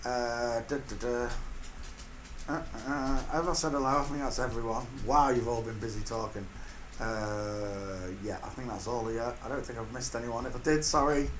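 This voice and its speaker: A man's voice: moderate pace, fairly bright tone. Chatty older man hosting a livestream. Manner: chatty, greets viewers by name with blessings; jokey, drops into sudden high silly voices. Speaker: livestream host. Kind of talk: casual live-stream chat. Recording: echoey room with faint hiss.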